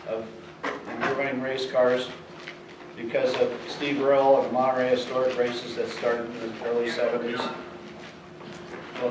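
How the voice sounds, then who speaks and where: A man recounting racing events to an audience in a matter-of-fact way. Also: medium pitch. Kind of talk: talk to an audience. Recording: roomy, distant, audible hiss.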